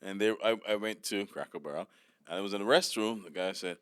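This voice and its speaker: A man's voice: on the low side, brisk, clear, resonant tone, dry recording, clean studio sound. A man telling funny stories in casual podcast chat, acting out the people he met. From West Indies. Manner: animated storytelling, acts out voices. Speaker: comedian guest.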